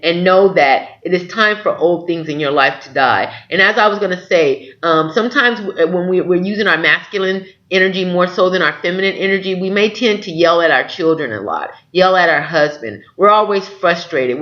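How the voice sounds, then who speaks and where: A man's voice: a little high, lo-fi sound. A man giving a spiritual tarot reading to his viewers, earnest and encouraging, often checking in with "okay?". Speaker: tarot reader.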